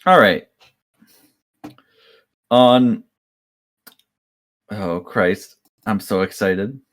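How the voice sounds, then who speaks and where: A man's voice: lowish voice, drawn-out words. A man running a tabletop game as game master, describing the scene in a loose, rambling way with many fillers.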